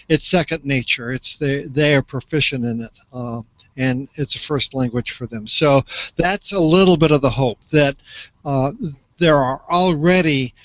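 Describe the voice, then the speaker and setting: An older man speaks in an earnest, explanatory way, setting out his views in a relaxed discussion. His voice sits a little high for a man. The sound is dry and slightly muffled. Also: dry recording. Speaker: social media commentator. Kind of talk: conversational discussion.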